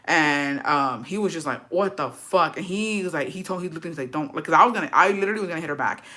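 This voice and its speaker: A woman's voice: low-pitched, animated, fast, pushed and bright. A young woman telling a personal story in a casual vlog, blunt and swearing a lot, rambling with fillers and slipping into Spanish.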